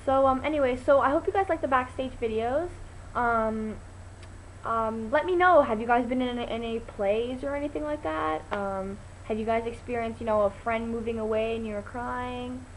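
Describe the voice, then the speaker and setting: A woman's voice: normal speed, poor audio. Give me a chatty teenage girl vlogging casually, restarting her sentences, with a faint hiss behind her. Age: teens. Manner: chatty and rambling, many ums and restarts, bursts into excited high quoted voices. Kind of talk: casual storytelling vlog.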